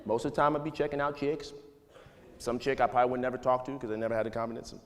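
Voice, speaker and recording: A man in his thirties speaking casually to an audience, relaxed and conversational with many fillers. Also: mid-range voice, racing. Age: 30s. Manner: relaxed and conversational, full of "you know" and "like", laughs often. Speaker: speaker giving a talk to students. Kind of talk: casual, candid talk to an audience. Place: large hall. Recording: long hall reverb.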